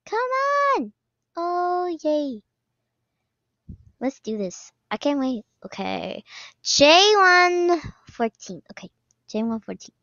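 Excitable high-voiced woman gaming. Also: slow, pauses often, no room sound. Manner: excitable, squealing and laughing often. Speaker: gaming video creator. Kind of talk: game commentary. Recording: slightly dull lo-fi sound, dry.

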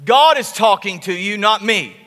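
A male pastor preaching a sermon, telling the story with animated, emphatic repetition. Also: high voice, normal speed, big-room sound. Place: church sanctuary.

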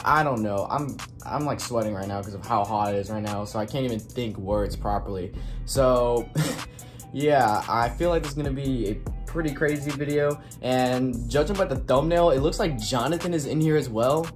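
A woman's voice: extremely low pitch, moderate pace, over music. A woman hosting a casual reaction video, rambling and blurting out exclamations.

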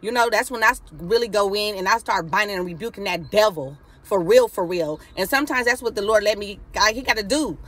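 A woman's voice: mid-range voice, fairly quick, few pauses, fairly bright tone. A woman preaching fervently over a phone live stream, casual and exhorting, with constant cries of hallelujah. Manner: fervent, repeating hallelujah, casual Southern-style speech.

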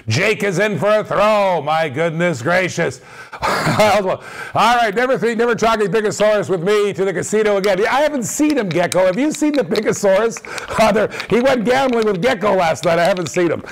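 Host type: high-pitched man, hyped live-auction caller, repeats himself a lot. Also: moderate pace. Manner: energetic, repetitive hype calls with laughs. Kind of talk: excited live-stream patter.

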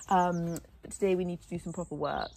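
A woman's voice: fairly low pitch, steady tone, fairly quick, vocal fry, a little mellow, slight background noise. A young woman, a horse vlogger, chatting casually to camera in a rambling, laughing way at a stable yard.

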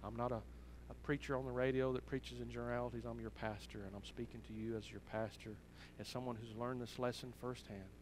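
A man's voice: medium pitch, little pitch movement, quick pace, background noise. A man, a pastor, giving an earnest sermon directly to his church. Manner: earnest storytelling, direct address.

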